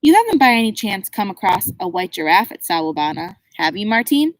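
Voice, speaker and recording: A woman reading a sly, overfamiliar South African game warden in an audiobook, his breezy patter turning into quiet threats. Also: mid-range voice, very animated, fairly quick, no echo, lightly acted, low-quality recording. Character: smooth-talking sly male game warden, menacing. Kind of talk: audiobook character voice.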